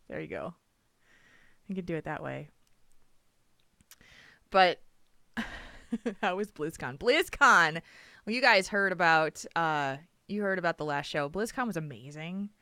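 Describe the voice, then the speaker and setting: A woman's voice: medium pitch, big pitch swings, a little slow, pauses often, sharp tone, dry recording, studio quality. A woman hosting a podcast from home over a video call, chatty and laughing often. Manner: giggly, chatty. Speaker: podcast host. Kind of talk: casual podcast chat.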